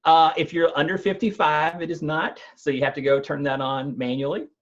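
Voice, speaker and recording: A man, a company's technical chief, explaining new gadgets in a relaxed conversational way, with frequent fillers and restarts. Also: fairly high pitch, moderate pace, lo-fi sound, a crowd in the background. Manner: thoughtful, many fillers and restarts. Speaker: company CTO explaining tech news.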